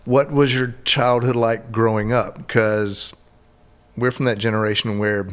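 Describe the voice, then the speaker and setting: Middle-aged male host, low voice, easygoing, rambling chat. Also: normal speed. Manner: rambling, relaxed, many restarts. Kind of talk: casual interview chat.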